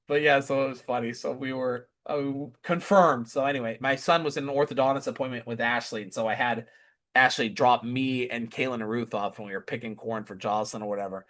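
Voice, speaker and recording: This vlogger has a mid-range, steady, slightly bright voice and talks briskly. He chats casually through a family update, rambling, restarting and correcting himself mid-sentence, and is easily amused.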